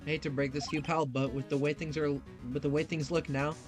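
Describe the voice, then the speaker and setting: A man voicing a gruff, friendly male police detective who talks bluntly and calls people pal, over game music. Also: fairly high pitch, flat delivery, fast talker, close to an everyday voice.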